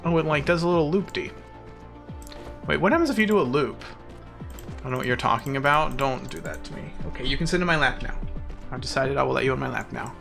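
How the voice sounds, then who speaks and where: This male streamer talks fast with vocal fry and a slightly bright, medium-pitched sound, pausing often as soft music plays behind him. It's casual live commentary during gameplay, full of playful, mock-boastful bragging and plenty of laughter.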